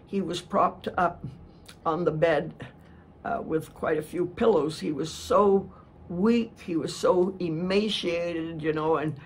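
A woman's voice: fairly low pitch, takes it slowly, slight background noise. A woman missionary preacher telling a story in a sermon, earnest and prone to restarting her words.

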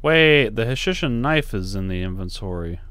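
A man's voice: fairly low pitch, animated, normal speed, fairly bright tone, clear, resonant tone, no room sound. A man giving casual commentary while playing a video game, thinking aloud and musing as he goes. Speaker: let's play streamer.

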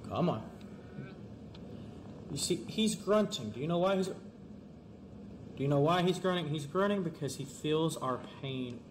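A man giving let's-play commentary, talking fast and excitably and pleading and yelling at the game. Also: on the high side, slight background noise. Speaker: gamer.

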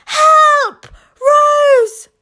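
A woman putting on a shrill panicking mother. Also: fairly even intonation, drawn-out words, bright, forceful tone, full character voice. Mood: panicked. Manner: shrill cries.

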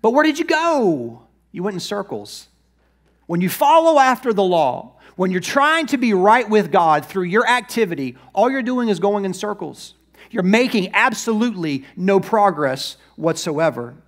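A male pastor delivers an animated sermon in a high, bright voice. He slips into quick acted-out asides for the figures he talks about. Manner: lively preaching, acts out Bible figures in quick asides.

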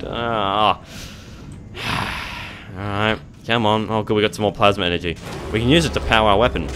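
A young man giving jokey, excitable gameplay commentary, talking back to the monsters on screen. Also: lowish voice, fairly quick, soft background music. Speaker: let's play gamer.

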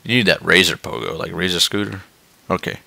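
A man swearing his way through a game, dropping to tired mutters and then yelling in excitement. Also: sits low, a little fast, creaky, dry recording. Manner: swearing, swinging between mutters and yelps. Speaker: gameplay commentator. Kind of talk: profane let's-play commentary.

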